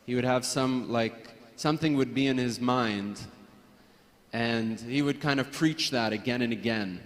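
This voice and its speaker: A man sharing personal memories at a memorial gathering, hesitant, with frequent restarts and soft laughs. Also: mid-range voice, measured pace, in a large hall. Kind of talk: personal reminiscence.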